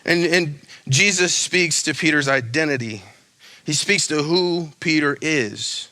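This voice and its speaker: A young adult man preaching a sermon in a casual, animated way, with slangy asides and quick acted-out lines. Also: a little high, no echo. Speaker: pastor.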